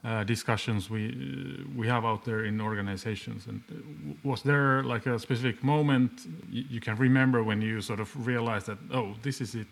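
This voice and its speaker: A man hosts an interview, asking long, searching questions. His voice often fades softer as his phrases trail off, with an ordinary mid-range pitch. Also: steady tone, normal speed, vocal fry, few pauses. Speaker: interviewer, host. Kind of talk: conversational interview.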